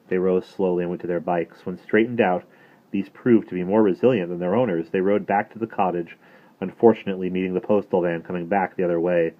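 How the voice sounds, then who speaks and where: Male reader of a children's novel, very low voice, steady and measured. Thin, phone-like audio. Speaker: narrator. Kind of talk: reading a children's novel aloud. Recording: phone-like narrow sound.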